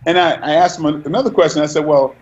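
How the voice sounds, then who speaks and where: High-voiced man telling stories, lo-fi. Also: rapid-fire, slight background noise. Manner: animated, restarts sentences often. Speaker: actor interviewed as guest. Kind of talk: casual interview storytelling.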